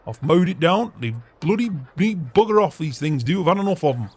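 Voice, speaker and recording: A man's voice: fairly high pitch, sing-song, fairly quick, a little mellow. A man playing a grumpy, foul-mouthed middle-aged farmer in a farming game role-play. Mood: grumbling. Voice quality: raspy, gruff and swearing.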